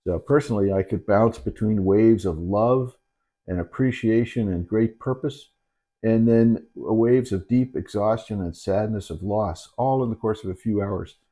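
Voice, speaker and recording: Earnest low-voiced man, halting delivery. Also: warm tone. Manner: halting, with many restarts and fillers; earnest and candid. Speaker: dementia caregiver and channel host. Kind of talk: reflective personal talk to camera.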